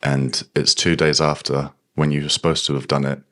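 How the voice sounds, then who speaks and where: A man's voice: very deep voice, little pitch movement, moderate pace, fairly bright tone. A man co-hosting a podcast, talking casually, supportive and prompting but blunt. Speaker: podcast co-host. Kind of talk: casual chat.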